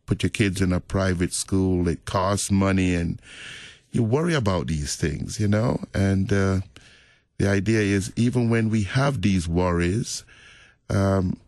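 A middle-aged man, a pastor, talking about faith in a relaxed, reflective, storytelling way. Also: low voice, measured pace, dry recording, studio quality. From Jamaica. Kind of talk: casual faith conversation.

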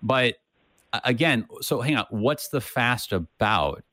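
A man's voice: mid-range voice, lively intonation, a little slow, pushed and bright, no echo, studio quality. A man co-hosting a casual Bible discussion, thinking aloud with frequent restarts and checking in with "right?". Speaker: co-host of a Bible study podcast.

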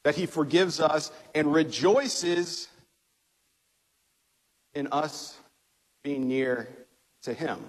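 Male pastor, conversational sermon delivery, slightly husky tone, reverberant sanctuary. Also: fairly high pitch, very slow, long pauses. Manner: conversational preaching with fillers and restarts. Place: church sanctuary. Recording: long hall reverb.

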